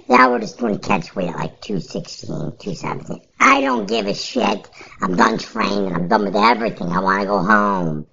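A woman's voice: rumbling low, huge pitch swings, normal speed, gravelly, fairly bright tone, breathy edge, lo-fi sound. A woman podcast host giving casual, rambling fantasy sports picks in a blunt, offhand way, with some profanity.

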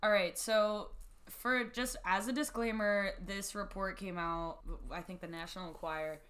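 A young woman with a bright, forward voice talks casually as a podcast host. She is blunt and swears freely. She laughs often and reads messages aloud in mocking tones. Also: mid-range voice, steady tone, moderate pace. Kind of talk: casual chat.

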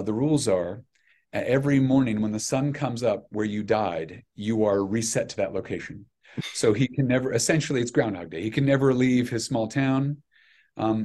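A middle-aged man talking as a podcast guest, an animated, self-deprecating storyteller who restarts his sentences a lot. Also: fairly low pitch. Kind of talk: casual chat.

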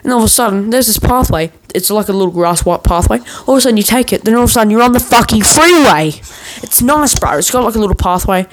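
Rambling through a long tale on his podcast, this man jokes, swears and keeps restarting his sentences. His high voice has lively intonation, and he speaks quickly with few pauses. The audio is rough.

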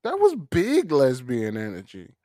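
A man co-hosting a casual podcast chat, an animated storyteller who acts out quotes and laughs often. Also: mid-range voice, a little slow, no echo, clean studio sound. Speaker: podcast co-host.

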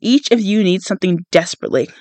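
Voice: mid-range voice, quick pace, a little mellow, dry recording, natural voice. A podcast reader voicing a theatrical male announcer of a deadly game, speaking showily in a storybook reading. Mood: grandiose.

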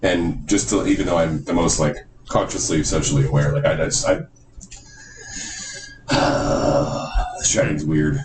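Deep voiced guy rambling on a podcast, swears a lot, far from the mic in an echoey noisy room. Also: unhurried. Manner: rambling, animated and profane. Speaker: podcast co-host. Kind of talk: casual chat.

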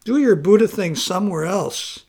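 A man voicing an angry wife in a spoken story, shouting and scolding her husband. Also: high voice, lively intonation, unhurried, creaky, exaggerated voice.

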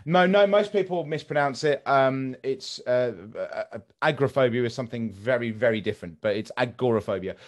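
Male podcast host, middle pitch, animated and rambling, lots of fillers. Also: normal speed, few pauses. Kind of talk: casual podcast chat.

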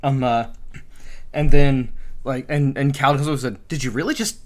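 A young adult man in casual chat, retelling a book scene with many ums and uhs and quick acted-out lines. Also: mid-range voice, steady tone. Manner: rambling retelling with many fillers, acting out dialogue.

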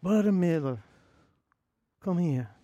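A man voicing a devout, gentle elderly church mother with a Southern US accent, speaking slowly. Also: high voice, lively intonation, no echo, dull audio. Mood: earnest.

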